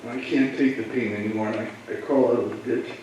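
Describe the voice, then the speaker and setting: Male police officer, mid-pitched, halting and emotional storyteller, picked up from across a big echoey room. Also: steady tone, a little mellow, recorded from a distance, muffled recording, a little hiss or hum. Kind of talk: personal story told to students.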